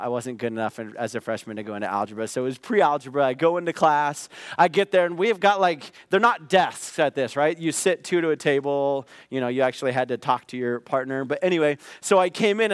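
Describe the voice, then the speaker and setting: A middle-aged man preaching a sermon, telling a personal story in a conversational way that rises into loud acted outbursts. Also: fairly high pitch, smooth, no room sound, studio quality. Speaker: pastor.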